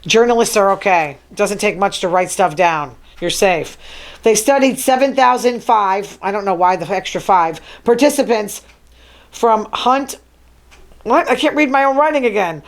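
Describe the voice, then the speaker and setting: Chatty woman riffing on news notes. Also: mid-range voice. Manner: chatty, wry asides while reading news notes. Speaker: show host. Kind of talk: casual solo talk show monologue.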